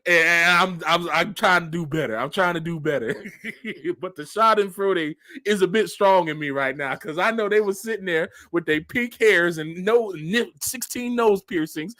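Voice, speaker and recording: A man's voice: high voice, normal speed, pushed and bright. A man reading news headlines aloud and adding sarcastic commentary, laughing often. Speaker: commentary vlogger.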